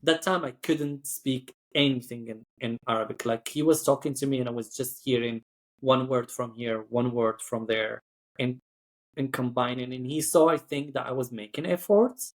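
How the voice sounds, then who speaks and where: Speaking with a steady tone at a moderate pace, a man who works as cabin crew shares a story in chatty podcast fashion. His mid-range voice is full of "like," and he performs the quoted voices as he goes.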